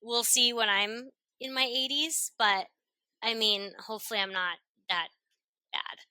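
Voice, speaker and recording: A woman in her forties, a podcast guest, talking loudly and expressively in casual conversation. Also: a little high, clear, resonant tone, no echo, low-quality recording. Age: 40s. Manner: loud, expressive, talks fast and openly.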